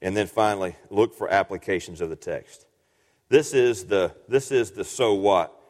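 A man's voice: fairly low pitch, normal speed, a little mellow. A man preaching a sermon in an earnest teaching manner, often restarting and repeating words. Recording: long hall reverb.

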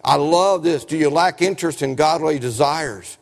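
A man's voice: fairly high pitch, moderate pace, vocal fry. A man preaching a sermon in a folksy, storytelling way, often asking the congregation questions. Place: church sanctuary. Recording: reverberant church hall.

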